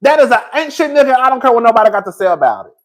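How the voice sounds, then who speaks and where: A man's voice: very high-pitched, big pitch swings, racing. A man hosting a livestream of gossip commentary, talking in sassy, profane, hollering rants straight to his viewers. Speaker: YouTube commentator.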